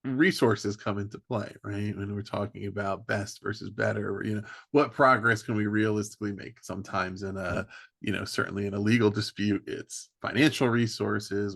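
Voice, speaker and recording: Low gravelly man hosting a podcast. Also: a bit bright, no room sound, studio quality. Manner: thoughtful, halting, many fillers. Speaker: podcast host. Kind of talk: conversational interview.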